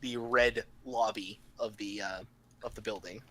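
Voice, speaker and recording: A man narrating as game master in a relaxed way, with many pauses and fillers. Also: fairly low pitch, rough recording.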